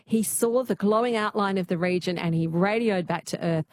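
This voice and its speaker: A woman's voice: mid-range voice, normal speed. A woman hosts a talkback radio quiz in an easy, chatty way. She laughs often between questions.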